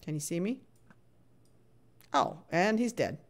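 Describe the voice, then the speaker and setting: A woman's voice: lowish voice, sing-song, slow, gravelly. A middle-aged woman talks her way through a live game stream in a loose, chatty voice. She plays up her annoyance, grumbles at the game and reads messages from chat aloud as she goes.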